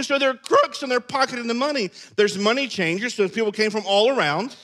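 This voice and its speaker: A man preaching a sermon, animated and acting out scenes in character voices. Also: very high voice, brisk. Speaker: pastor.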